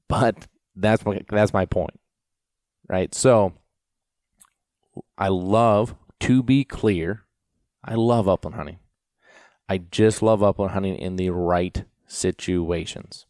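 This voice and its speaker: A man's voice: deep voice, slow, long pauses, darkish tone, dry recording, clean studio sound. A man hosting a podcast as a dog trainer, rambling through stories with lots of restarts and fillers. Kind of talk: casual podcast talk.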